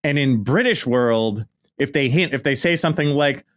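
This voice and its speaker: A man's voice: medium pitch, animated, moderate pace. A middle-aged American man hosting a podcast, reminiscing in a casual, lighthearted monologue full of "right?" and "you know". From United States. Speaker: podcast host. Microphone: podcast microphone.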